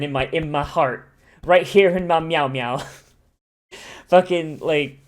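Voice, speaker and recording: A host of an anime watch-along channel giving casual, profane commentary, rambling with many restarts and fillers. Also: medium pitch.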